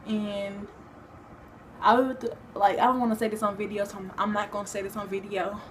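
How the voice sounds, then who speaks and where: A woman's voice: mid-range voice, level tone, moderate pace, a bit bright, a little hiss or hum. A young woman talking casually to her own vlog, rambling with many fillers and restarts. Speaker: vlogger. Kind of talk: casual personal vlog talk.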